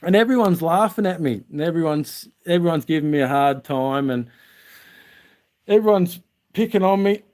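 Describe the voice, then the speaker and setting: A man's voice: on the high side, normal speed, a little mellow. An Australian man vlogging outdoors, telling rambling stories to his viewers with many restarts and fillers. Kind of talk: casual storytelling to viewers.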